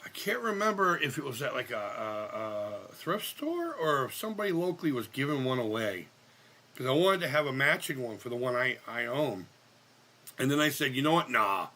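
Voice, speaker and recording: A man hosting a live gaming stream. He is sick, and his voice sounds higher than usual. He chats casually, cracks jokes, swears a lot, and shouts at the game. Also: big pitch swings, normal speed. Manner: profane, joking, loud outbursts at the game. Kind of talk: casual live-stream chat while playing.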